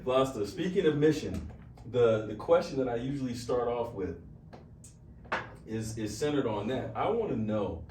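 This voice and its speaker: 울리는 방의 남자 진행자. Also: male voice, medium pitch, expressive, moderate pace, dark tone, a little hiss or hum. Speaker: podcast host. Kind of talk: casual interview. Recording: roomy, distant mic.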